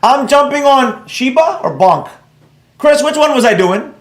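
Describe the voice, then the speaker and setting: A man teaching a live trading class, blunt and excitable, rambling off on tangents while reading viewers' comments and scolding them. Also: very high-pitched, unhurried, reverberant.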